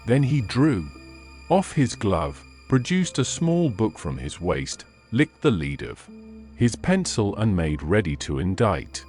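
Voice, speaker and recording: Slow, expressive male audiobook narrator. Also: on the low side, soft background music. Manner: measured, expressive reading. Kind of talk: scripted narration of a classic story.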